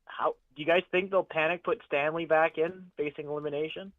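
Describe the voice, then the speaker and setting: A man's voice: a little high, steady tone, fairly quick, no echo. Male caller on a tinny phone line. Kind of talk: call-in chat.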